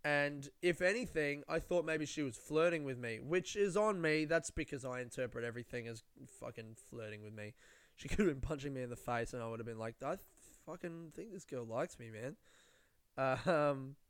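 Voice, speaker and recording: Speaking fairly quickly in a smooth, medium-pitched voice, a young Australian man who is a comedian and podcast host tells self-mocking, rambling stories full of swearing in a casual chat. There's no echo on the recording.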